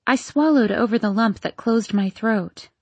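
A woman reading a first-person story aloud as an audiobook narrator, measured and expressive. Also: a little high, slightly rough, no echo.

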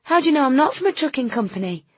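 A woman's voice: sits high, very animated, racing, no echo, pitched above the performer's own voice. A woman voicing a young librarian who is nervous but stubborn.

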